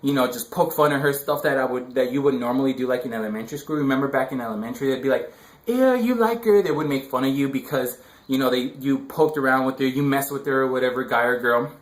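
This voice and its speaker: A man's voice: medium pitch, fairly even intonation, fast, few pauses. Rambling young man, roomy echo. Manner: rambling, filler-heavy slang. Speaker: dating advice vlogger. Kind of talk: casual advice monologue.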